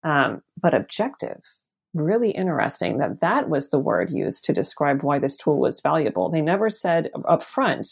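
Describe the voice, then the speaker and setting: A woman's voice: low-pitched, big pitch swings, normal speed, vocal fry, slightly rough. A woman, an author, answering an interview question about her book, thinking aloud with many ums and restarts. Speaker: author and guest.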